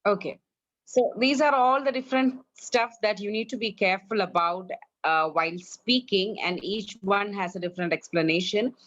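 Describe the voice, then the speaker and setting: A woman's voice: medium pitch, normal speed, fairly bright tone, no echo, lo-fi sound. A woman with an Indian English accent teaching English online, correcting her students' pronunciation and drilling them. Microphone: online class, video call.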